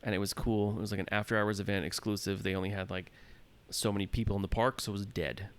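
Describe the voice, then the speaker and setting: A man's voice: lowish voice, quick pace, clean tone. A man in his thirties casually telling a long story on a podcast, acting out his own fearful lines as he goes. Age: 30s. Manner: animated storyteller, acts out his own fear in quotes. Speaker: podcast co-host.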